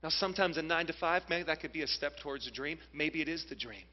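A man in his thirties delivers a sermon in a high voice, telling a personal story with plenty of energy. He turns to his listeners often with direct questions. The recording sounds dull and muffled, with a long reverb from a large hall. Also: fast talker. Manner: animated storyteller, addresses the audience directly. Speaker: preacher.

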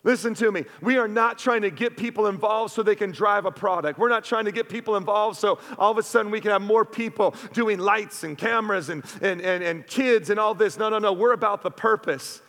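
A male pastor preaches with fervent energy in a fairly high voice, dropping "man" between phrases and checking in with "right?". His voice rings through the church with a long hall reverb. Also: fairly quick, few pauses, a bit bright. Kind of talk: sermon.

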